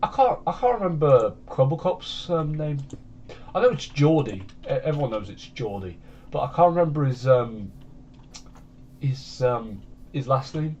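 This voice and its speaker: A man's voice: a little high, darkish tone, dull audio, a little hiss or hum. A man from the United Kingdom giving rambling, casual commentary over a video game at his home computer. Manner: rambling, meandering chat. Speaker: gaming channel host.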